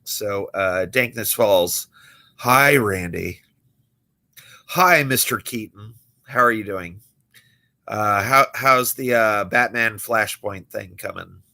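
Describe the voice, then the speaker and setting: Young man, magician livestreamer, bright tense voice, casual storytelling, acts out quotes. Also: lowish voice, slow. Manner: storytelling, acting out quoted people. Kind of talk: casual late-night livestream chat.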